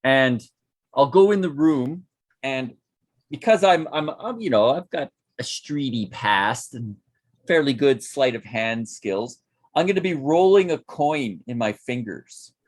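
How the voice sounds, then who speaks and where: A man's voice: medium pitch, expressive, a little slow. A man playing a tabletop role-playing game, describing what his character does and sometimes speaking as him. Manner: describes his character's actions, drops into short in-character lines. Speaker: player.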